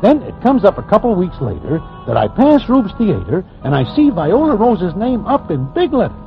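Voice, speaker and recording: A man's voice: sits high, wildly swooping pitch, moderate pace, vocal fry, narrow, tinny audio, soft background music, heavily acted. An actor playing a mild, folksy Broadway man-about-town who narrates an old radio drama. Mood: narrating. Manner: folksy, mild, formal phrasing. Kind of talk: 1940s radio acting.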